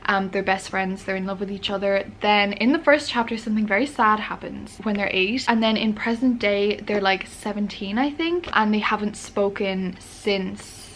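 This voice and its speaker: A woman's voice: mid-range voice, normal speed, hardly any pauses, fairly bright tone, slight background noise. A young woman chatting casually as a book vlogger, candid and full of fillers.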